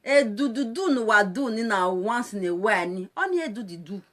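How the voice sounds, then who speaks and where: A woman with a Nigerian Pidgin English accent and a medium-pitched voice talks a little quickly in a casual live-stream monologue. A social media presenter, she's animated and playful, with plenty of laughter and exclamations.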